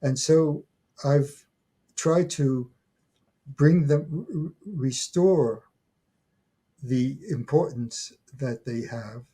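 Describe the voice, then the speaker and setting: Old man in his 80s, slow and halting, mellow husky voice, keeps restarting his words. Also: mid-range voice. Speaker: guest, folklore scholar. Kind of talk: conversational interview.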